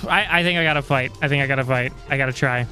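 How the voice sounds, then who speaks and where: A man streaming a game, talking excitably, swearing freely, and tripping over words now and then. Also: mid-range voice, moderate pace, creaky, faint music behind. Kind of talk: casual game commentary.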